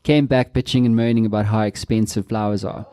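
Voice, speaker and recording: A man's voice: on the low side, steady tone, fairly quick, dark tone. A man hosting a live radio show, teasing his guests and laughing often.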